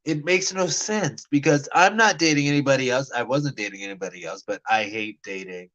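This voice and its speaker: A man vlogging to camera, telling a personal dating story in a rambling way, stammering and restarting often and dropping into quiet murmured asides. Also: medium pitch, moderate pace, low-quality recording. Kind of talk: casual talk to camera.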